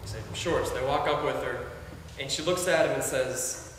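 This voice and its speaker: A young man giving a sermon, telling a story earnestly and dropping his voice low and soft for quoted lines. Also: normal speed. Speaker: preacher. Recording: echoey hall from far off, faint hiss.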